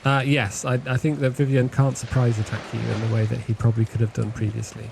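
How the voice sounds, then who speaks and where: A man narrating as game master of a tabletop horror game, in a measured, hesitant way. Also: medium pitch, little pitch movement, vocal fry, over music.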